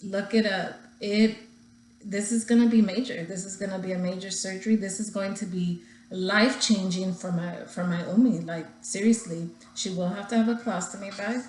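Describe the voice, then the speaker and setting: A woman's voice: medium pitch, fairly even intonation, normal speed, a little mellow, echoey room, rough recording. A young woman talking casually to her viewers in a personal vlog, holding back tears as she rambles. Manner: emotional, talking through tears held back. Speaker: vlogger.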